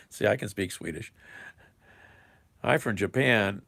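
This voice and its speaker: A man with a deep, gravelly voice talks at an unhurried pace. He rambles in casual livestream chat, chuckling as he answers viewers. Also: expressive, fairly bright tone, no echo. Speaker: live streamer.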